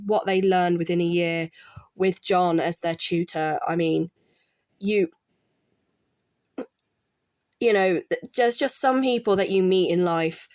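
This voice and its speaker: A woman's voice: on the low side, a little mellow, dry recording. A middle-aged woman chatting casually while she works on art, rambling with restarts and quoting people she worked with. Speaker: artist and former college art support worker.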